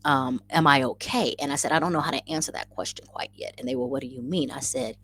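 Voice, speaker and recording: A woman's voice: rumbling low, fast talker, fairly bright tone, husky. A woman hosting a casual livestream, effusively greeting viewers by name and chatting through the comments, often repeating her phrases. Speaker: livestream host.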